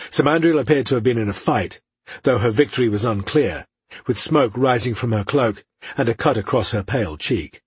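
A man reads a fantasy novel aloud in a measured, even manner. His voice is very husky and sits at a medium pitch. The recording is dry and close, with no room sound. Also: no echo. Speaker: audiobook narrator. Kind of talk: scripted fantasy narration.

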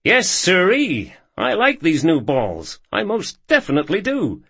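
A man voicing a boastful young cowboy playing pool, much higher than his own voice. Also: sing-song, slow, no room sound, full character voice. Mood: cocky. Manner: boastful, grinning. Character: cocky young male cowboy pool player.

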